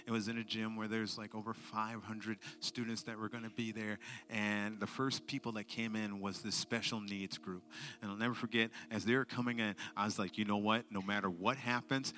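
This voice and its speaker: A man preaching a sermon with a story, moving between hushed near-whispers and loud, excited telling. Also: fairly low pitch, normal speed. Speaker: speaker at school assemblies and church event.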